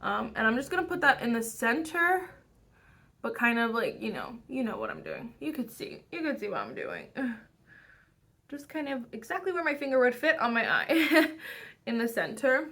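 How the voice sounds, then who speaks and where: A young woman vlogger talks through her makeup in a loose, rambling way, full of fillers and half-finished thoughts. Her voice is bright and sits a little high. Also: very animated, normal speed. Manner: rambling, chatty, many fillers and restarts. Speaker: beauty vlogger. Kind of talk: casual makeup tutorial chat.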